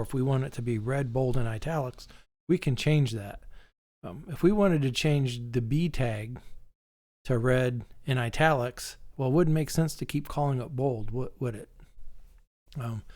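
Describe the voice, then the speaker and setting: A man's voice: mid-range voice, darkish tone. A male teacher walking through a screen-recorded coding tutorial, explaining step by step in a plain, patient way with some ums.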